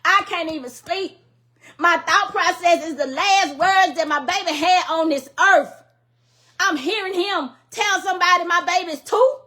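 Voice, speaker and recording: A grieving middle-aged mother from Louisiana, her voice strikingly high and sharply bright. She pleads and scolds in emphatic, repetitive bursts, raw with anger and grief. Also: measured pace. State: grieving and angry. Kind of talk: impassioned public plea.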